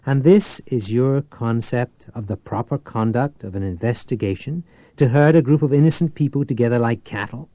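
A man voicing a suave, commanding male police prefect who speaks with smooth courtesy and icy authority. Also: medium pitch, moderate pace, dark tone, no echo, close to an everyday voice. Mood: stern.

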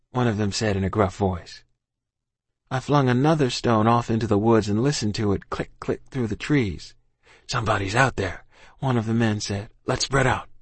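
A man reads a first-person tale in a homespun rural dialect, easygoing and plain-spoken. His voice sits at an ordinary middle pitch. The sound is close and dry, with no room around it. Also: dry recording. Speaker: audiobook narrator. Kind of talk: first-person storybook narration.

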